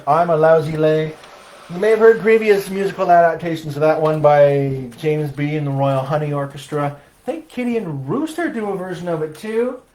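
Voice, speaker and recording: A man's voice: fairly high pitch, a little hiss or hum, poor audio. A man chatting wryly and self-deprecatingly on a livestream between accordion songs. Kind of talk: casual stage patter and sung comic tango. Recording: loud accordion music behind.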